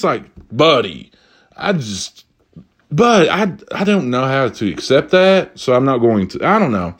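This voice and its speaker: Animated, swooping young man telling a story. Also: a little slow, slightly rough. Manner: animated, profane, swoops between high exclamations and low asides. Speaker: vlogger. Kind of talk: casual comedic storytelling.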